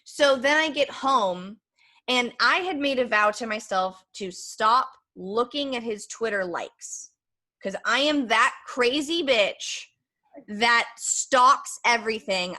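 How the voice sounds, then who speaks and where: Bright-voiced young woman telling a rambling story. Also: on the high side. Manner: candid, rambling storytelling with lots of fillers. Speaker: podcast host. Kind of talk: casual chat.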